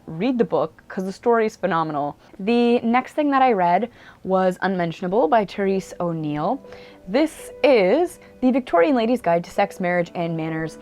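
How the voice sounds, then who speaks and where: A woman with a slightly low voice, chatting through her monthly reading on camera at home. She is enthusiastic and filler-heavy. Faint music plays underneath. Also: darkish tone. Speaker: book vlogger. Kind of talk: casual book review monologue. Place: indoors at home. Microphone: camera mic.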